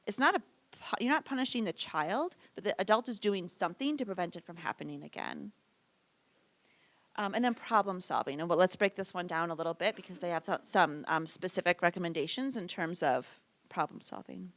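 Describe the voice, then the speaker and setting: A woman leads a parenting workshop in a loose, conversational way, often tagging her points with a questioning "right?". She acts out short parent and child lines as she goes, at a middle pitch for a woman. The sound is close and dry, with no room echo. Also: normal speed, fairly bright tone. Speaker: workshop presenter.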